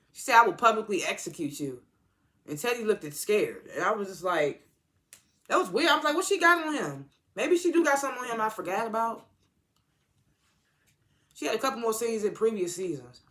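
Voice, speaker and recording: A TV episode reviewer in a casual recap, rambling and halting with lots of fillers and exasperated asides. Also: mid-range voice, fairly bright tone.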